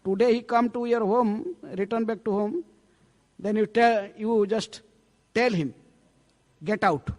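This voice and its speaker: A swami tells a scripture story in a relaxed, conversational way, often tossing in a questioning "eh?" to his listeners. His voice sits high for a man, and it rings with long reverb through a temple hall. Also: unhurried. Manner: conversational, frequent rhetorical "eh?". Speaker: preacher, swami.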